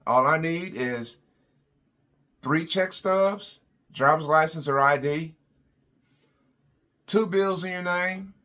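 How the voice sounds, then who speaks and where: A man putting on the voice of a pushy, overeager used-car dealer giving a loud hard sell. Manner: hard-selling, high and loud.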